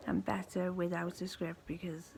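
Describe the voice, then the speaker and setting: A woman in her thirties with a weak, thin voice, telling her own story to camera in slow, halting speech that often fades to a breathy near-whisper. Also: on the low side, flat delivery, a little mellow, slight background noise, low-quality recording. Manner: halting, slow speech with pauses, restarts and fillers. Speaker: vlogger.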